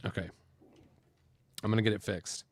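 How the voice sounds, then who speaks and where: A man's voice: on the low side, steady tone, normal speed, dry recording. A man hosting a casual building video, talking his way through the build in a chatty, rambling way with lots of fillers. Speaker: host building LEGO on camera.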